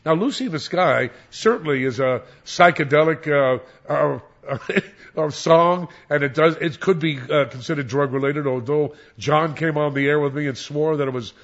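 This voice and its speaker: An older man, a former radio disc jockey, reminiscing in an interview in a rambling, animated way with many restarts. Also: a little high, moderate pace. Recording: dull lo-fi recording.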